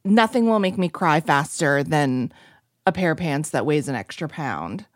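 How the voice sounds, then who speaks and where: A woman's voice: low voice, expressive, normal speed, dry recording, clean studio sound. Wry woman chatting on a video call. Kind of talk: casual chat.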